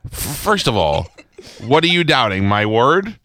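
A man's voice: mid-range voice, very animated, a little slow, pushed and bright. A man hosting a radio show in a studio, bantering casually and insisting teasingly on a promise to a coworker. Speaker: radio host.

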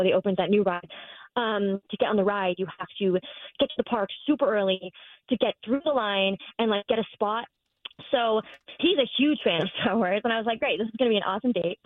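A woman's voice: mid-range voice, no room sound. Hesitant woman on a tinny phone line. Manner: hesitant, giggly storyteller with many fillers. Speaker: caller on the phone. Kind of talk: phone call on a radio show.

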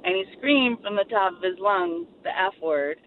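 A woman's voice: mid-range voice, animated, normal speed. Woman caller, tinny line, road noise.

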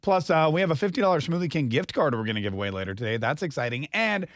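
Fast-talking American radio host, dry studio. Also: male voice, mid-range voice, dry recording. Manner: joking, teasing, storytelling. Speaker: radio morning show host. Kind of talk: morning radio banter. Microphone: studio microphone.

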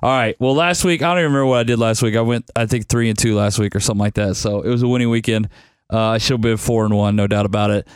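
A man's voice: fairly low pitch, steady tone, racing, smooth, dry recording. A young man hosting a casual sports-betting podcast, laid-back and grumbling that he is tired. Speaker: podcast host picking football bets.

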